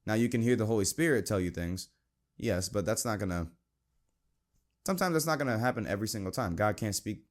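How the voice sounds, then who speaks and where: A young man hosts a Christian podcast in a relaxed, conversational way. His voice sits on the low side, and he speaks earnestly, reading scripture and giving plain advice about friends who hold you accountable. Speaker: podcast host. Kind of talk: casual Christian podcast talk.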